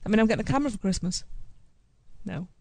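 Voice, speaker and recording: A woman's voice: medium pitch, animated, fast, a little mellow, no echo. A woman co-hosting a podcast, reading out a listener's trip report and laughing easily. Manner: giggly, easily amused. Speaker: podcast co-host.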